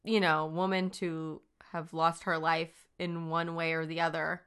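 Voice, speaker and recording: A woman's voice: low-pitched, level tone, a little slow, fairly bright tone, smooth. A woman co-hosting a podcast, chatty, playful and full of questions. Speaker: podcast co-host. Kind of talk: casual podcast chat.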